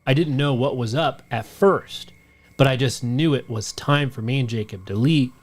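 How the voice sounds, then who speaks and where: Male podcast co-host, mid-pitched, steady storytelling read of a listener tale. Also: moderate pace. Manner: steady storytelling read, shouts out the quoted lines. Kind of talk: reading a listener story aloud.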